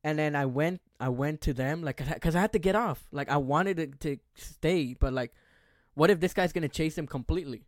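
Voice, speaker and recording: Profane, animated young man telling a story. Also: on the high side, brisk, no echo, clean studio sound. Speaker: podcast host. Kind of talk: casual storytelling chat.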